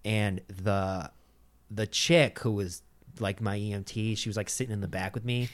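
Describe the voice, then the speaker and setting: A man's voice: on the low side, steady tone, moderate pace. A young man in casual podcast chat, telling a long story full of "like", swearing and laughter. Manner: rambling, profane storytelling with frequent "like" and laughter.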